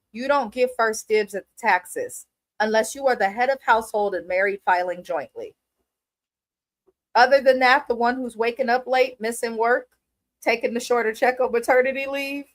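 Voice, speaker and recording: A woman's voice: on the high side, a bit bright. A woman giving blunt, opinionated, profane commentary while reviewing a reality TV episode. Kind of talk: casual commentary.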